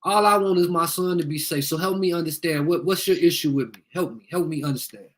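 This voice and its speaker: A man with a slightly high voice talks fast into his phone on a live video, ranting heatedly. Confrontational and profane, he repeats himself while appealing to viewers for help.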